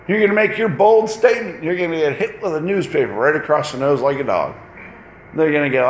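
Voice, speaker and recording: A man preaching a lively, conversational sermon, acting out short exchanges between people as he goes. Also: a little high, quick pace, echoey room, slight background noise. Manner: animated, conversational, acts out little dialogues. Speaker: pastor.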